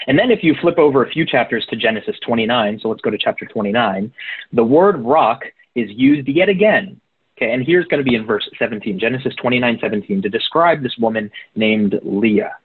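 A man delivers a relaxed, conversational sermon, often turning to his listeners to check they follow. His voice is husky and comes through narrow and tinny, like a phone line. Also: fairly low pitch. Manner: conversational, addresses listeners directly. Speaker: preacher.

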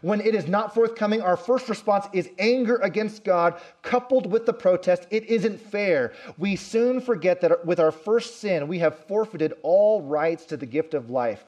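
Man preaching a sermon, high voice. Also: moderate pace, few pauses, darkish tone. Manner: storytelling with acted quotes, rising and falling emphasis. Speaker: pastor.

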